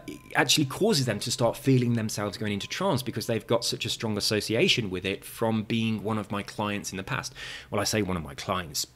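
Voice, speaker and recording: A man with a very slight lisp, chatting casually through viewer comments and drifting into tangents with lots of fillers and restarts. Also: fairly low pitch. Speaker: gaming video creator reading viewer comments.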